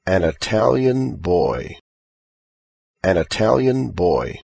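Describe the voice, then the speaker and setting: Man drilling short phrases very slowly, deep gravelly voice, kinda husky, dry close sound. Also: sing-song, a little mellow, no echo. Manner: says each short phrase twice, carefully. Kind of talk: slow repeat-after-me drill.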